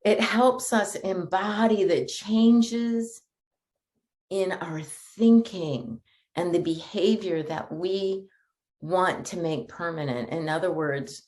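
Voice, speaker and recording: A middle-aged woman preaching a sermon, her voice sitting a little low. She talks in a chatty, animated way and keeps laughing as she goes. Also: takes it slowly. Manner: lively, conversational, laughs often. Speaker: minister.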